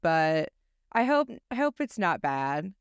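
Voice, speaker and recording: Young American woman co-host, blunt and foul-mouthed, smooth voice, dry studio sound. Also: low-pitched, big pitch swings, takes it slowly, no room sound, muffled recording. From United States. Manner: blunt, profane, self-deprecating. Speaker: podcast co-host. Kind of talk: casual chat.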